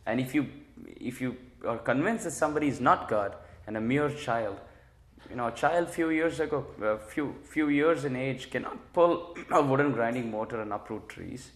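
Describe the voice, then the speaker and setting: A man teaching a religious class, retelling sacred stories and explaining their meaning with lively quoted lines. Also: medium pitch, normal speed. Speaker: spiritual teacher. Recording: echoey room.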